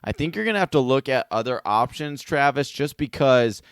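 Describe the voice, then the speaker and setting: A man's voice: mid-range voice, animated, a little fast, no room sound, clean studio sound. A man co-hosting a fantasy football podcast in casual, joking chat. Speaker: podcast co-host.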